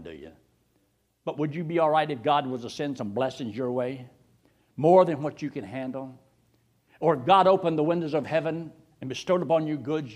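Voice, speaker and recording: A middle-aged man preaching a sermon in an animated cadence that swoops and rises suddenly. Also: fairly high pitch.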